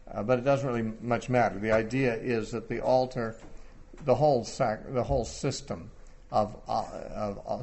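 A man's voice: on the low side, creaky. A man giving an expository Bible teaching, conversational and thinking aloud, lifting his voice when he quotes scripture.

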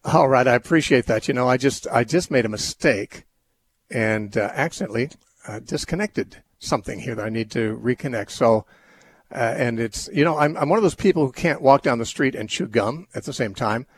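A man's voice: medium pitch, brisk. A man hosting a call-in radio show, answering Bible questions in a thoughtful, rambling way with many restarts.

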